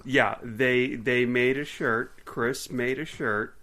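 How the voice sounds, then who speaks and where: A man's voice: medium pitch, fairly even intonation, slow pace, sharp tone. A man in his forties co-hosting a podcast, chatting casually and rambling with lots of ums and laughter. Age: 40s. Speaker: podcast co-host. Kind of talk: casual chat.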